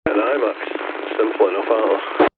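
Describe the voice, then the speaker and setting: Laid back manc guy on cb, low voice, tinny radio sound, heavy static. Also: a little fast. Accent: Mancunian. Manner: easygoing, rambling with fillers. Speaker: CB radio operator. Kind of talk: casual radio chat. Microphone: CB radio handset. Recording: noisy CB radio transmission.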